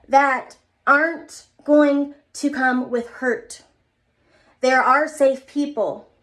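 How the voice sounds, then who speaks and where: A young woman giving an earnest, rambling motivational talk to her viewers in a casual vlog. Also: fairly high pitch. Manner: earnest, rambling, repeats herself. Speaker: vlogger.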